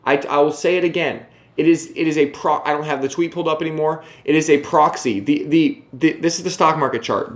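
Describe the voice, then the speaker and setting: A man giving casual market commentary to camera, brash and emphatic, often mocking his viewers. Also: fairly high pitch.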